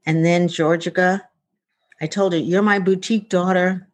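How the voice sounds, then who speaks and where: Her voice on the low side and her intonation fairly even, a female futurist chats through personal stories at a moderate pace. She's an interview guest who acts out dialogue and uses lots of fillers. There's no room sound.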